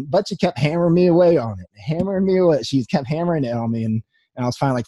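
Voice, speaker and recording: A man's voice: a little high, lively intonation, rapid-fire, mellow, no echo. A young man telling a personal story to an audience in an earnest way, acting out his own past words with many restarts. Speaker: speaker sharing his story. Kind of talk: personal testimony talk.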